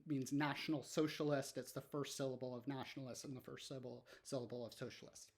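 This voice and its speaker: A male history teacher giving a recorded lecture in a conversational way, explaining step by step with frequent ums, "okay, so" and rhetorical questions. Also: a little high.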